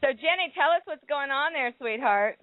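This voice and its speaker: A woman's voice: high voice, expressive, moderate pace, no echo. Bubbly woman hosting a call-in show. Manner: bubbly, affectionate, laughs often. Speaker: radio show host. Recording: phone-like call-in audio.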